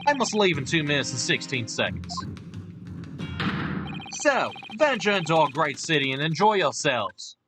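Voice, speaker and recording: A man's voice: fairly high pitch, big pitch swings, normal speed, sharp tone, soft background music. A man voicing a stern, commanding middle-aged British lord in a courtroom game. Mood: grave. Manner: grave, commanding, clipped.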